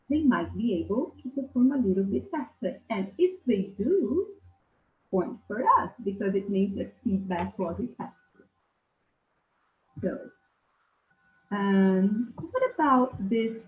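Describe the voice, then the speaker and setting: A woman giving a webinar lecture as a teacher trainer, slowly asking questions and taking up answers from attendees. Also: a little high. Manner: slow, questioning, reads out learners' answers. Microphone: video call. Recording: echoey, tinny video call.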